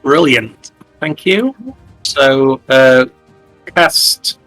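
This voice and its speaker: A man's voice: medium pitch, very slow, a bit bright, soft background music, low-quality recording. A man playing in a tabletop game, easygoing and polite as he sorts out rules with the game master. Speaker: player. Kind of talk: casual tabletop game chat.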